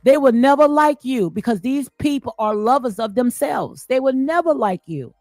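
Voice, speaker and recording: High-voiced woman ranting blunt, aave slang, dry close mic, faint music behind. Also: animated, moderate pace, darkish tone, no room sound. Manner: blunt, preachy, repeats herself, slangy. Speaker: commentary channel host. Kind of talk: casual reaction commentary.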